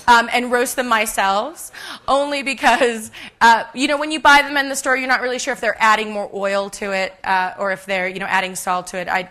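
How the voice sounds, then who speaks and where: Bright-voiced, chatty woman chef demonstrating. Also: mid-range voice. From United States. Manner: chatty and self-deprecating, many ums, laughs at herself. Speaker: chef giving a cooking demonstration. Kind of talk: live cooking demonstration to an audience. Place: conference stage before a live audience.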